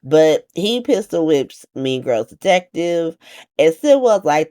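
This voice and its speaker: A woman giving a casual, slangy comedic recap of a soap opera, acting out the characters in quick voices. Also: low voice, big pitch swings, warm tone.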